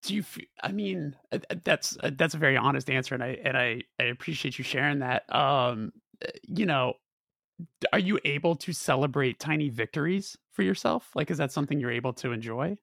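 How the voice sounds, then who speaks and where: A man's voice: medium pitch, animated, a little fast, gravelly, fairly bright tone, dry recording, clean studio sound. A man hosting a podcast interview, casual and affirming, who swears lightly and keeps saying yeah and awesome. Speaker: podcast host.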